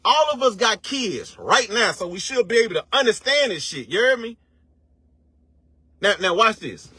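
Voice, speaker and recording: This online commentator's high-pitched voice is sharp and slightly rough, recorded without room sound. His motivational rant is casual, profane, and preachy, filled with slang and rhetorical questions, and he drags out words to stress them.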